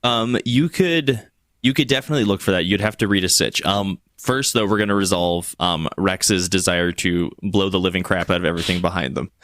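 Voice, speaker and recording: Halting low-voiced male game master. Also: fairly bright tone, dry recording. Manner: halting, restarts often while narrating. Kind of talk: narrating a tabletop game.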